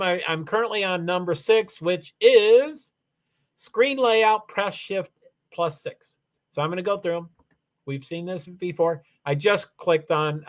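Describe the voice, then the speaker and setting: A man hosting a casual livestream, rambling through viewer comments and software settings with many restarts. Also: high voice. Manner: rambling, repeats "allegedly", frequent restarts. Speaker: livestream host.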